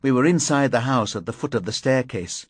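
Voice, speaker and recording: A man reading a crime thriller audiobook in measured, grim first-person narration. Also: medium pitch, animated, no echo. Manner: measured, grim, deliberate delivery.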